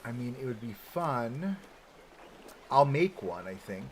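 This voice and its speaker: On a live stream, a man casually walks through his theme park build, thinking aloud and chatting with plenty of "like"s and rhetorical "right?"s. His medium-pitched voice has a sing-song lilt and a measured pace, with a slight hiss or hum underneath.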